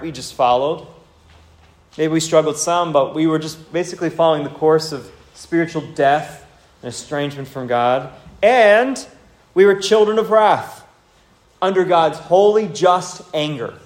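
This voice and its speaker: Earnest preaching man, echoey room. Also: a little high. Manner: earnest, exhorting, rises and falls for emphasis. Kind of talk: sermon.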